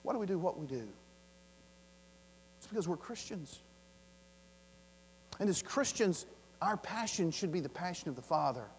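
A man preaching a sermon as pastor, who swings between loud emphasis and soft, hushed lines and acts out the voices of the story's characters. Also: high voice, lively intonation, normal speed, pauses often. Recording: long hall reverb with mains hum.

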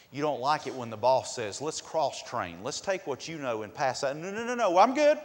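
A male pastor delivering a sermon, asking rhetorical questions and acting out quotes in a raised voice. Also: mid-range voice. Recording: long hall reverb.

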